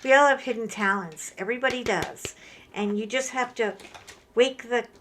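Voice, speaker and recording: A woman in her fifties hosting a craft channel. She chats candidly while she works, and her talk grows animated and emotional as she tells a story. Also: on the high side, normal speed, slight background noise. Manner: chatty and candid, animated retellings with rising emotion. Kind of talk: casual chat while crafting.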